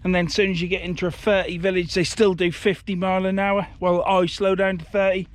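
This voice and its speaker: A middle-aged man, filming himself outdoors on a riverside shore. His voice sits a little high, and he rambles and grumbles bluntly, swearing as he goes. Casual, unscripted vlog talk into a handheld camera. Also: little pitch movement, quick pace. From England. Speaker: fishing vlogger.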